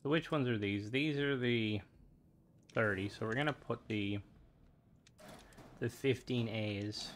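A man's voice: mid-range voice, takes it slowly, long pauses, slight background noise. A young Irish man chatting casually with viewers while streaming a game, rambling from one thought to the next. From Ireland.

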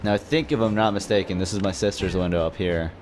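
A man giving excitable, jokey commentary while playing a video game, often yelping and exclaiming. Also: low-pitched, quick pace, a little hiss or hum. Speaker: let's play host. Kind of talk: gameplay commentary.

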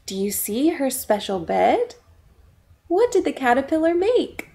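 A woman's voice: sits high, sing-song, measured pace, vocal fry, a little mellow. A woman librarian reading a children's storybook aloud at storytime, inviting listeners to chant along.

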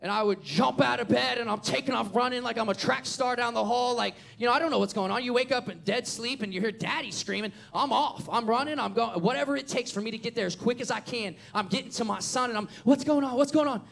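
High-voiced, gravelly preacher. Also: male voice, quick pace, few pauses. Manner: animated storytelling, acts out the scenes. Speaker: pastor. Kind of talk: sermon.

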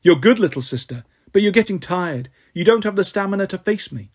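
A man voicing a menacing male swordsman villain who taunts his opponent in a low, hushed way. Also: lively intonation, a little fast. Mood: taunting.

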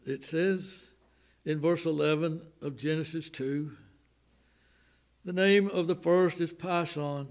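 A Southern American man preaching in a church, his voice pitched fairly high and his delivery slow and drawn out. He rises to loud outbursts and drops to hushed, slowed lines as he drives his points home. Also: fairly even intonation. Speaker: pastor. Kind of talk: sermon. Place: church sanctuary.

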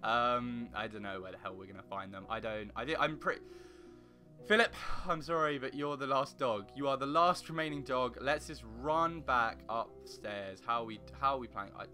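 A young man commenting on his own gameplay in a rambling, excitable way, breaking into panicky yelps. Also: mid-range voice, normal speed, soft background music. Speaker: gaming channel host. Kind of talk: casual let's play commentary.

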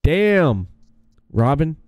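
A man's voice: fairly high pitch, very animated, very slow, a little mellow, no room sound, clean studio sound. A man hosting a casual chat show, laughing often and swearing offhandedly. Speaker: talk show host.

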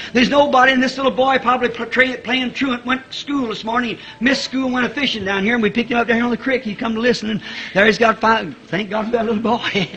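Fervent high-voiced male preacher. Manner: fervent, rising to shouts, chuckling. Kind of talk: sermon.

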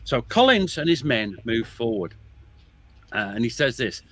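A man's voice: mid-range voice, lively intonation, fairly quick, fairly bright tone. A man talking as a guest oral historian in a podcast, telling soldiers' stories with relish, chuckling often and restarting his sentences. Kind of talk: animated storytelling in a podcast chat.

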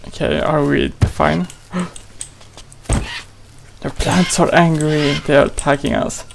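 A man's voice: a little high, steady tone, slow pace, creaky, background noise. A man hosting a gaming channel, giving playful, exclamatory let's play commentary and talking to his character.

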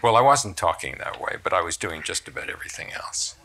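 An older man with a low, deep voice and a bright, forceful edge. He tells stories in an animated way, with sudden lifts in pitch and loudness. He sounds like a reflective guest in a stage interview. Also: brisk, creaky, a little hiss or hum. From United States. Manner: storytelling, animated, lively swings in loudness. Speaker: author and surgeon, guest. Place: stage talk at a cultural center.

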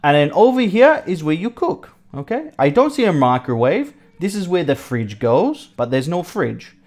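An English teacher giving young pupils a vocabulary lesson over a house tour, repeating each word slowly, asking checking questions and praising answers. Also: medium pitch, big pitch swings, darkish tone.

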